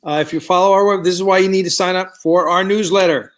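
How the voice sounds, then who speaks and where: A man's voice: sits high, steady tone, quick pace. A man hosting a live stream, chatting casually with viewers in a rambling way, with many fillers, and reading out their comments. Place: studio set of a starship bridge.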